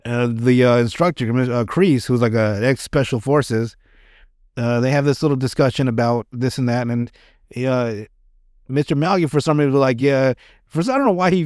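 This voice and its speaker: A man's voice: medium pitch, a little mellow, no room sound, clean studio sound. A man hosting a podcast, chatting casually about a movie, rambling with lots of filler words, swearing and laughing often. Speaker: podcast host.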